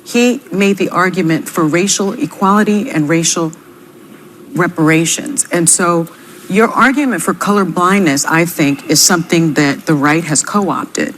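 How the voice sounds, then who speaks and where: A woman argues a point in a televised debate, measured and pointed, and quotes her sources. Her voice sits on the low side. A faint background noise runs under the broadcast. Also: a bit bright, poor audio. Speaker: TV panel guest.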